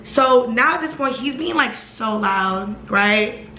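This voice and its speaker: Fast-talking woman in a roomy room. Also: on the high side, slight background noise. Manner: fast, animated, lots of fillers. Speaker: vlogger telling a personal story. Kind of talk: casual storytime.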